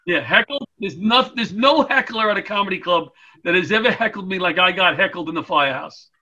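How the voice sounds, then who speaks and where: Bright, high-voiced middle-aged man telling stories. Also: fairly quick. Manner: animated, comic, acts out voices in anecdotes. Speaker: guest, retired firefighter and comedian. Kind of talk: storytelling interview chat. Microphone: video call.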